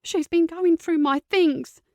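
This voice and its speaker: A woman voicing an upset teenage girl, speaking high and quick in an audiobook. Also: fairly even intonation, darkish tone, dry recording, studio quality, exaggerated voice. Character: distressed teenage girl, tearful and defiant.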